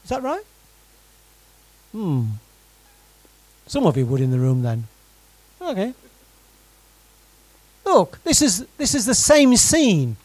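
Animated, high-voiced male preacher. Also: takes it slowly, long pauses, dry recording, low-quality recording. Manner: animated, conversational preaching with direct questions to the congregation. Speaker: pastor. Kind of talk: sermon.

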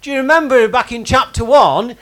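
A man's voice: extremely high pitch, a little fast, pushed and bright. A man preaching a sermon, talking conversationally and putting questions to the congregation by name. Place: church hall with congregation.

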